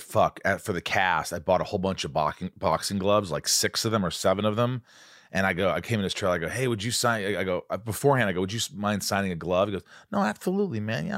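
A man with a very low, deep voice hosts a casual chat, blunt and excitable, swearing his way through stories. The sound is dry and close, with no room around it. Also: quick pace, no echo. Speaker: podcast host.

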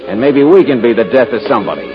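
An actor playing a wisecracking private eye. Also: male voice, medium pitch, animated, lightly acted. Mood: wry. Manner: wisecracking, brisk. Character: wry, tough-talking private eye. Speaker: private investigator lead. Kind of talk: 1940s radio acting. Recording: lo-fi old radio recording with loud music.

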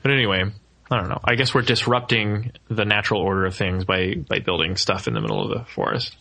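A man co-hosting a podcast, chatting casually about an animated film and jokey in his delivery. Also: fast talker, vocal fry. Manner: animated and jokey, with sudden high leaps. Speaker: podcast co-host.

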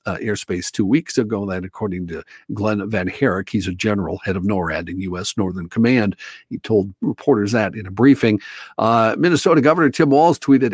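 Man, radio host, reading news, brisk, dry close sound. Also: fairly low pitch, breathy edge, no room sound.

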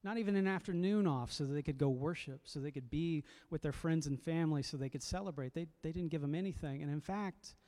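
A man's voice: on the high side, quick pace, few pauses, mellow. A man preaching a sermon as a pastor, reflective and conversational, often repeating words as he goes.

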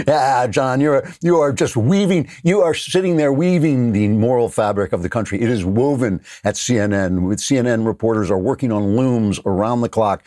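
A man hosting a political talk show, giving sarcastic commentary that turns forceful and emphatic. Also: medium pitch, no room sound, clean studio sound. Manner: mocking, laughing, then forceful and emphatic.

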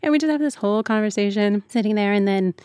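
A woman's voice: medium pitch, quick pace, a little mellow, clean tone, no room sound. A woman writer, the guest on a podcast, chatting casually and telling stories with lots of "like" fillers. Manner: chatty storyteller, many "like" fillers. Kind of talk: casual interview chat.

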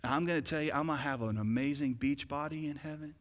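A man's voice: on the high side, quick pace. Man preaching in a reverberant hall. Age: 40s. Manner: swings from loud urgent calls to quiet intimate asides. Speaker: pastor. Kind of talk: sermon. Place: large church hall.

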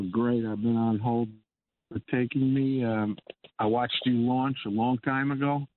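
An older man calling in to a talk show, hesitant and full of filler sounds. His voice sits at a middle pitch. It comes through a thin telephone line with a dry sound. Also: no room sound. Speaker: caller. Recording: phone line.

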